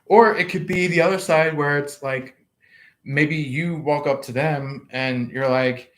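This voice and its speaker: A man giving a casual tarot reading, wandering slowly through his thoughts with many fillers and dropping to a soft hush when he voices imagined people. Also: a little high, fairly even intonation. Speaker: tarot card reader.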